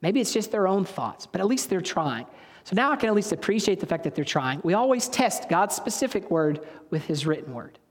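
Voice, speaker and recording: Conversational preacher in a reverberant hall. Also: male voice, high-pitched, sing-song, brisk. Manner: conversational, storytelling, self-correcting. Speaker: pastor. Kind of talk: sermon.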